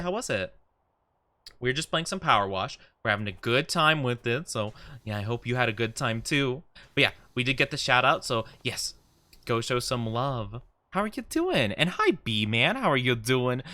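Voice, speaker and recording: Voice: medium pitch, sharp tone, no echo. A streamer chatting casually while gaming and greeting viewers by name in a bubbly way. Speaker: streamer, VTuber host. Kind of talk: casual live-stream chat.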